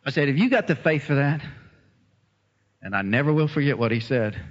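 A man preaches a sermon in a large hall, his voice medium in pitch and his pace normal, with frequent pauses. He's animated, telling a story and acting out the voices of its characters. The recording is dull and lo-fi.

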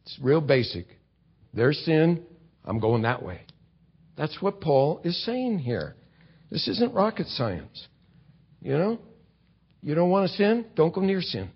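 A man's voice: on the high side, big pitch swings, slow, long pauses, slightly rough, highs cut off. A man preaching a sermon in a conversational way, explaining scripture and asking his listeners rhetorical questions. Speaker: pastor.

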